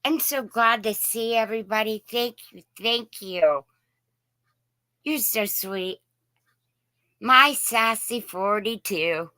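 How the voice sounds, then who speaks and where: A woman's voice: on the high side, takes it slowly, long pauses, sharp tone, no echo. A woman from Indiana hosting a casual live chat, greeting viewers by name in a folksy way. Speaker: live stream host.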